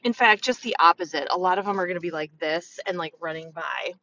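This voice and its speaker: A woman vlogging casual, frank business advice as a beauty consultant, talking chattily and acting out customers in quick asides. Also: on the low side, bright, forceful tone, distant mic, highs cut off. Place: in a car on the way to set up.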